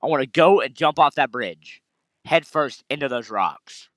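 A man's voice: mid-range voice, expressive, normal speed, fairly bright tone, no echo, studio quality. A man hosting a let's play, swearing and ranting crudely while he plays. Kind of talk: casual game commentary.

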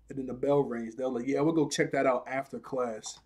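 A man's voice: mid-range voice, fairly quick, few pauses. Laughing young man recapping a cartoon. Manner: animated, slangy, laughs often while retelling scenes. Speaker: cartoon episode reviewer. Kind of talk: casual recap and commentary.

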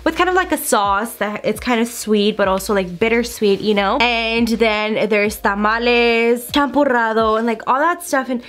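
A young woman with a fairly high voice chats while doing her makeup for her own channel. She is animated and casual, filling her talk with "like" and "girl" and acting out what people said. She sounds close to the camera mic, at home. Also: moderate pace, hardly any pauses. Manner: animated, lots of "like" and "girl", acts out quotes. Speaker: beauty vlogger. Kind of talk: chatty get-ready-with-me storytelling.

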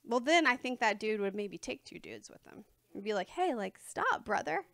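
A woman's voice: medium pitch, fairly quick, fairly bright tone, dry recording. A woman preaching to her congregation in a chatty, informal way, often laughing between her points. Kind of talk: conversational sermon. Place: church sanctuary before a congregation.

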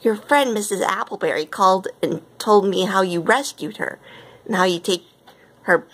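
A woman voicing a poised, gracious female company boss who speaks in a measured way, in a read-aloud storybook. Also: medium pitch, a bit bright, husky.

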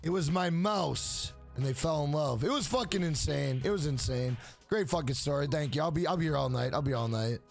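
A man's voice: fairly high pitch, animated, fast talker, creaky, soft background music. A man live-streaming a game, rambling through crude, profane stories and talking back to his chat by name. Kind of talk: casual chat while gaming on a live stream.

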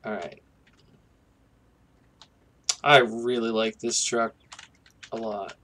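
A man hosting a casual gameplay commentary, musing and thinking aloud in a relaxed way. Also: on the low side, slow, slight background noise. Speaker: gaming channel host.

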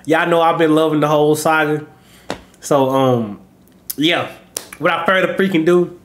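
A man's voice: on the high side, steady tone, normal speed, long pauses, a little hiss or hum. Sick, coughing man chatting to viewers. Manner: rambling, addresses viewers as y'all. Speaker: YouTube reaction host. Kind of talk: casual chat to viewers.

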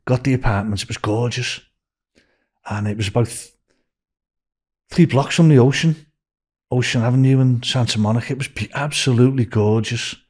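An older man with a Liverpool accent, telling a rambling story as a podcast guest and raising his pitch for quoted voices. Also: moderate pace, pauses often, a little mellow, husky. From Liverpool, England.

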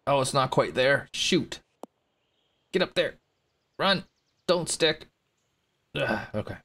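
A man's voice: medium pitch, lively intonation, takes it slowly, creaky, pushed and bright. Chatty man commentating a golf game. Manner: chatty, reacting to shots and chat. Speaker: gaming streamer. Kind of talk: casual gameplay commentary.

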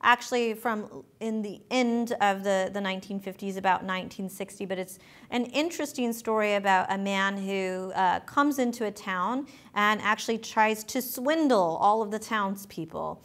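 A woman's voice: medium pitch, moderate pace, fairly bright tone. Woman giving a casual lecture. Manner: conversational, with fillers.

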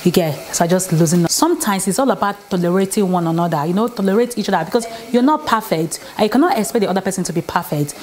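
Woman, casual vlog advice, mid pitch, repetitive, emphatic. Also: lively intonation, quick pace, hardly any pauses, a little mellow. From Nigeria. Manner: chatty, repetitive, emphatic, asks "okay?". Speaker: vlogger. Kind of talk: casual relationship advice talk. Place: home, indoors.

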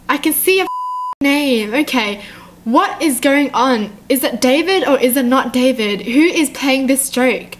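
A young woman reacting to a horror game with excitable commentary, nervous laughter and gasps. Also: sits high, a little slow, slight background noise. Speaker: channel host.

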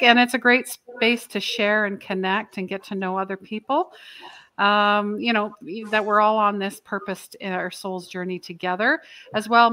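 A woman's voice: mid-range voice, a bit bright. A woman from Canada hosting a show, upbeat and encouraging as she closes with a spiritual message. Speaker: podcast host and spiritual coach. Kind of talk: casual interview and closing talk.

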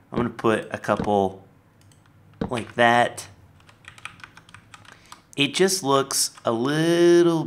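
A man casually commenting on his building as he plays a game, chatty and lively. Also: mid-range voice. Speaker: Minecraft let's player.

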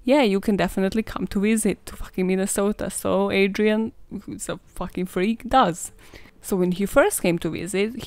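Young woman, true crime podcast host, sarcastic, swears a lot, mid-pitched, dry close sound. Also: a little mellow, dry recording. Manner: sarcastic, swears freely, laughs at her own jokes.

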